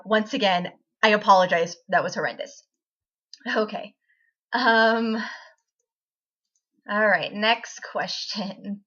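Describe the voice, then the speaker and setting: A woman's voice: medium pitch, sharp tone. A woman in her twenties chatting to camera in a giggly, rambling, self-deprecating way, on dull lo-fi audio. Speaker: vlogger. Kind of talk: casual chat to camera.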